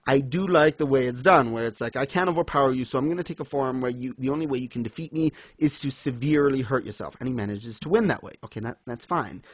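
A man's voice: medium pitch, quick pace, hardly any pauses, dry recording. A young man in casual chat, ranting in exasperation about a comic and mocking scenes in put-on voices. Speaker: podcast co-host reviewing manga.

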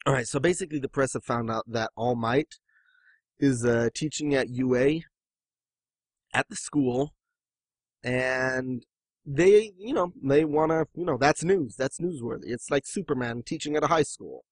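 A man hosts a casual podcast, chatting and cracking jokes, sometimes quoting lines in other voices. His voice sits at medium pitch with a breathy edge, moving a little slowly, and there's no echo.

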